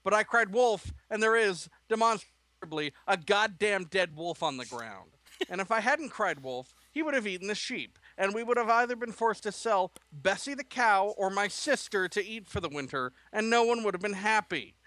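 A man voicing a frustrated teenage farm boy who shouts in exasperation, read aloud in a comedic story. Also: high-pitched, lively intonation, normal speed, dry recording, voice pushed up. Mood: angry shouting.

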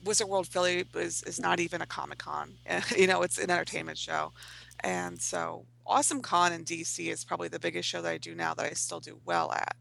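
A woman with a gravelly, fry-heavy voice and a bright edge talks about comic shows. She rambles, restarts, and mocks herself in loose panel chat. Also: on the low side, flat delivery, brisk, rough recording. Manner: rambling, self-mocking, swears casually. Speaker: comic artist.

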